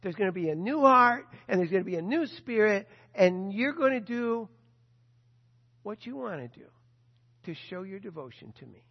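A man preaching a sermon, telling a story with lively animation and acting out the people he quotes. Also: high-pitched, moderate pace, long reverb tail, muffled recording. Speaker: pastor.

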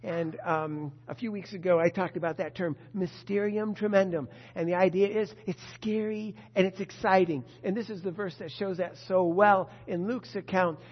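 High-voiced man preaching in a reverberant hall. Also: moderate pace, hardly any pauses. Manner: emphatic, expressive preaching. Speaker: pastor. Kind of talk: sermon. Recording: dull lo-fi sound with long reverb.

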